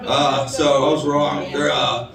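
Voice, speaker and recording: A man's voice: mid-range voice, little pitch movement, slow, creaky. A man doing a stand-up comedy set on a bar stage, rambling loosely with fillers and crude punchlines. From United States. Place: bar stage before a live audience. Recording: roomy bar recording from a distance, crowd heard.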